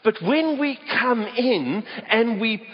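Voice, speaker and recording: A man's voice: extremely high pitch, lively intonation, slow. A South African man preaching a sermon in a church auditorium, telling stories and stressing key words. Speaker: pastor. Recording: echoey hall, dull lo-fi sound.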